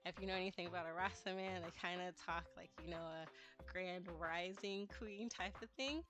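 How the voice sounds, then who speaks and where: A woman's voice: fairly low pitch, moderate pace. Woman dev talking thru her game, lots of likes and ums, music playing under her. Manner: chatty, heavy use of "like" and "um". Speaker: indie game developer. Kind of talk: casual walkthrough talk.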